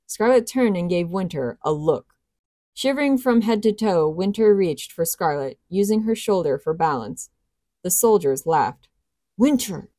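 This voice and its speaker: A woman narrating a novel in a steady, even storybook reading. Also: fairly low pitch, moderate pace, no room sound, studio quality. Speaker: audiobook reader.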